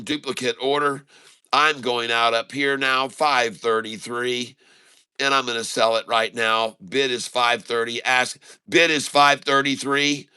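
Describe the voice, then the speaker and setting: Bright excited man narrating live trades. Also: medium pitch, smooth. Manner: excited running commentary addressing "folks". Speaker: day-trading streamer. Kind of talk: live trading commentary.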